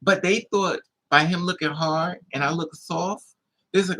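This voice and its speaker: A vlogger telling a story casually to camera in an animated way, acting out the other people's voices with high squeals. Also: moderate pace, a little hiss or hum.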